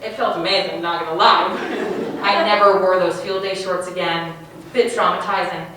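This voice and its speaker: A young woman telling a stand-up story on a small theater stage, animated and giggly. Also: lowish voice, moderate pace, background noise. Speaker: comedian. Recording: echoey stage from far off.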